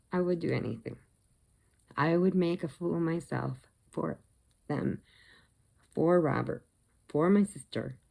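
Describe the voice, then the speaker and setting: A middle-aged woman chats through a casual vlog story, animated and quick to laugh at her own jokes. Her voice is low and gravelly, with a relaxed, unhurried delivery. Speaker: crochet vlogger.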